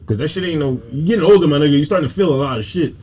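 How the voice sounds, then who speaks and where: A man's voice: on the high side, very fast, a crowd in the background. A man from Newark, a comedian guest, talking bluntly in streetwise slang on a casual podcast, acting out what people say. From Newark, New Jersey.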